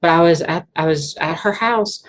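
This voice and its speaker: A low-voiced banjo musician from Southwest Virginia, with an Appalachian accent, is the guest in a casual conversational interview. She rambles earnestly at normal speed, leaning heavily on "like" as a filler.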